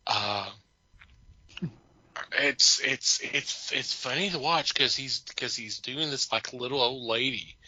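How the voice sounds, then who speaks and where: Bright-voiced man chatting casually. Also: mid-range voice, no echo, poor audio. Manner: rambling, amused, many restarts. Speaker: podcast co-host. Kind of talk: casual chat.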